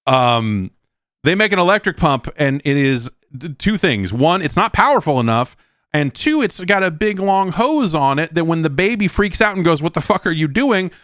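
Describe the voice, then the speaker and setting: A man's voice: on the high side, sing-song, moderate pace, a bit bright, no room sound, clean studio sound. A middle-aged man hosting a podcast, rambling casually and breaking into profane rants. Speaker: podcast host. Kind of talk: casual monologue.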